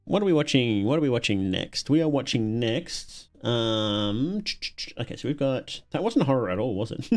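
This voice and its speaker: Chatty Australian man streaming. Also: mid-range voice. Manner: chatty, chuckles often, repeats words while thinking. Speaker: livestream host reacting to videos. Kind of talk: casual livestream reaction chat.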